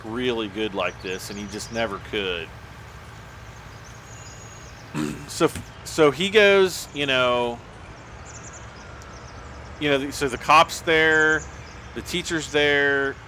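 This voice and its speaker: A man's voice: medium pitch, sharp tone, slight background noise. A man on a livestream telling a long personal story in a casual, rambling way, full of restarts and "like".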